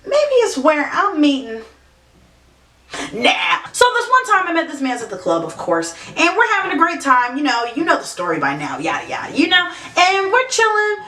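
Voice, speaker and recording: A woman vlogger telling funny dating stories in a sassy, animated way, with many asides. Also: sits high, moderate pace. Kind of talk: comedic storytelling to camera. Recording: echoey room, mic at a distance.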